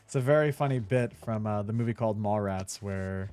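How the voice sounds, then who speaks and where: A young streamer chats casually while playing a video game, laughing easily and cursing now and then. His voice is lowish and darkish, and he talks a little fast.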